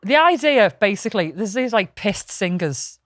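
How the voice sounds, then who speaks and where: A woman chatting on a podcast, swearing freely as she spins her stories. Her voice is mid-pitched and the recording is close and dry, with no room sound at all. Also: moderate pace, dry recording. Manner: swearing, storytelling, lively anecdotes. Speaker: podcast co-host. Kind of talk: casual podcast chat.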